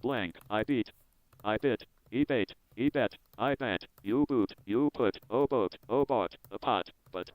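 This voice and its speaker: A man hosting his own video, reading a technical software manual aloud in a measured, word-by-word way with small restarts. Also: medium pitch, no room sound, low-quality recording. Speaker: host.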